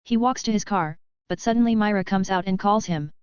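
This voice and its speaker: A woman narrating a fanfiction novel as an audiobook in a steady, even reading. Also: mid-range voice, fairly quick, clean tone, no room sound. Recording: dull, lo-fi, dry sound.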